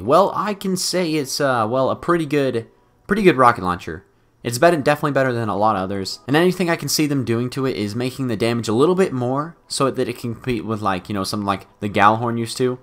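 An excitable young man calls out his own match as he plays, his pitch leaping around wildly between low grumbles and high yelps. His everyday mid-range voice sits over faint game music. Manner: excitable, swings from mutters to loud outbursts. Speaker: gaming YouTuber. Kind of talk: live gameplay commentary.

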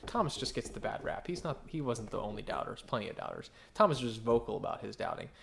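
Animated man preaching a sermon. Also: fast, creaky, slight background noise. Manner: animated, acts out quoted voices with big pitch jumps; asks the congregation questions and answers them. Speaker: pastor.

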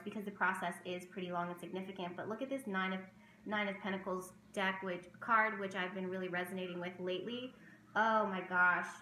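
A woman's voice: mid-range voice, sharp tone, reverberant, slight background noise, poor audio. A woman vlogging about tarot in casual chat to camera, emotional and rambling, with many fillers and restarts.

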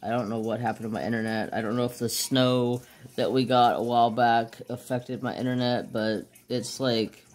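A man's voice: mid-range voice, flat delivery, moderate pace. Rambling man chatting while crafting. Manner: rambling, loses his train of thought. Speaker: crafting channel host. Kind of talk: casual chat while working on a craft.

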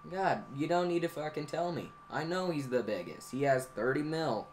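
A teenage boy talking through his channel's history in a rambling, profane, excitable way, as a gaming YouTuber looking back. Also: fairly high pitch, normal speed, a little hiss or hum. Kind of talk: casual anniversary vlog monologue.

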